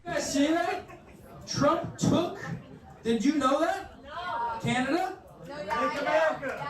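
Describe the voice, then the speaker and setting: A man's voice: very high voice, measured pace, pauses often, roomy sound, far from the mic. A man doing a stand-up set in a comedy club, riffing brashly and talking with the crowd, heard from afar with crowd noise. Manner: brash, riffing, chats with the audience.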